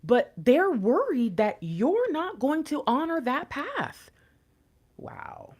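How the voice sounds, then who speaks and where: A woman giving a tarot reading to camera, talking to viewers directly in an excitable, conversational way. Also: high voice, slow. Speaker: tarot reader.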